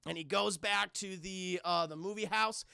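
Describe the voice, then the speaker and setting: Streamer, male, loose profane movie recap, gravelly edge, dry close mic. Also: high voice, normal speed, pushed and bright, dry recording. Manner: rambling, profane, keeps addressing chat. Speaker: film reviewer streaming to chat. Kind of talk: casual scene-by-scene recap.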